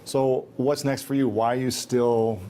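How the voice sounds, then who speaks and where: A man's voice: medium pitch, little pitch movement, measured pace, mellow, slight background noise. A young man hosting an interview, speaking earnestly and often murmuring agreement. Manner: earnest, frequent back-channel agreement. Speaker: interviewer, host. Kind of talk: casual interview talk.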